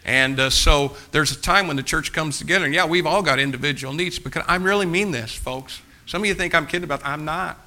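Man, pastor preaching, fervent exhorting delivery, very bright voice, slightly raised pitch. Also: fast talker, hardly any pauses. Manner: fervent, exhorting, repetitive urging. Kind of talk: sermon.

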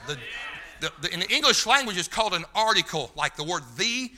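A man preaching a sermon in a fervent, folksy way, talking straight to the room and rising to shouts. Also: high voice, expressive, brisk. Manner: loses his place, talks to the room.

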